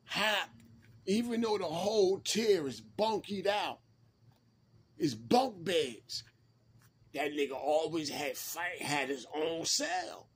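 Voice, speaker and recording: A man's voice: fairly high pitch, very animated, slow, slightly rough. A man, casually telling a prison story in laid-back street slang and repeating himself.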